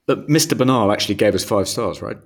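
A man's voice: lowish voice, fast talker. A man co-hosting a podcast in casual chat, with a dry, mock-formal, wry manner. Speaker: podcast co-host.

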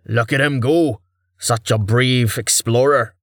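A man's voice: mid-range voice, steady tone, slow, fairly bright tone, dry recording, clean studio sound. A man voicing a jovial, burly male adventurer who coos at a goat and says "aye". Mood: playful.

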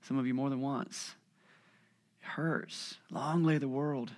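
A man in his thirties preaching a sermon as pastor, telling lively stories and acting out family voices, then dropping to a hushed voice on heavy points. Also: medium pitch, takes it slowly.

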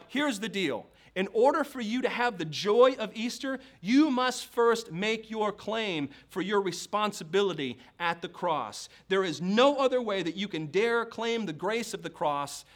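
A man preaching a sermon, emphatic, building to forceful declarations. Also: high-pitched.

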